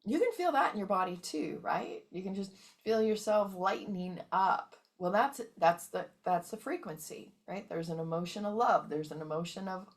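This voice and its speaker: A woman's voice: medium pitch, animated, normal speed, hardly any pauses. A woman hosting a motivational wellness talk, emphatic and often checking in with her listeners. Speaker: wellness coach and host.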